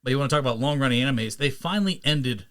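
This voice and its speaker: A man hosting a casual podcast chat, talking loosely with quick asides. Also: medium pitch, a bit bright. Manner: chatty, quick asides and impressions. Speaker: podcast host.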